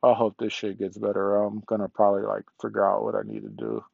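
A man's voice: fairly low pitch, little pitch movement, fast, gravelly, a little mellow, no room sound, muffled recording. A middle-aged man venting on a solo podcast from a parked car, rambling and frustrated, swearing a lot and sounding congested.

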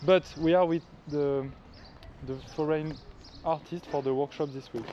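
A man's voice: fairly high pitch, steady tone, moderate pace, muffled recording, slight background noise. Hesitant man, slightly raised voice. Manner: hesitant, many fillers. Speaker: podcast recorder. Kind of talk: casual chat.

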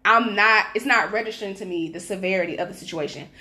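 A young woman telling a wild night-out story in casual podcast chat, animated and profane, acting out the people she quotes. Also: mid-range voice, quick pace. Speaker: podcast co-host.

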